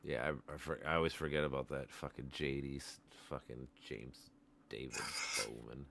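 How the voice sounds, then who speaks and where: A man's voice: a bass voice, moderate pace, vocal fry, fairly bright tone, a little hiss or hum. A man hosting a casual stream, talking bluntly with lots of swearing and laughing. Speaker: stream host. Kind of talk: casual profane chat.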